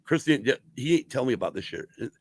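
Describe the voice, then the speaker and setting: Brief: middle-aged male podcast host, gravelly, lively swearing storyteller, dry close sound. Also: medium pitch, a little fast, no echo. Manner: profane, animated storyteller. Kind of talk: casual storytelling chat.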